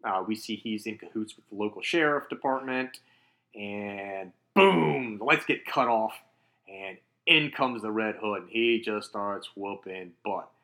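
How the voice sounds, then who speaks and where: Bright-voiced animated man. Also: lowish voice, moderate pace. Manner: animated, laughs often, acts out quotes. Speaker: podcast co-host. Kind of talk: casual chat, comic book review.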